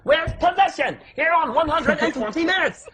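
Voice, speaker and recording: A male music show host announcing a song in a loud, hyped way. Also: very high voice, expressive, normal speed, noisy background.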